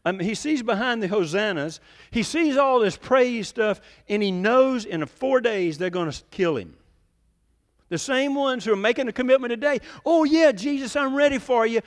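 A man preaches animatedly to a congregation, his pitch jumping up whenever he voices the people he quotes. The large hall gives the recording a long reverb.

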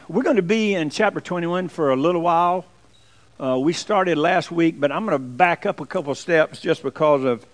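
A man's voice: on the high side, poor audio. A man, a pastor giving a folksy, joking sermon to his congregation in church. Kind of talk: sermon with jokes.

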